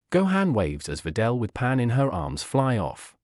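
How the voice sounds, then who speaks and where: A man reading fan fiction aloud as animated storytelling. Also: medium pitch, moderate pace, few pauses, dry recording, studio quality.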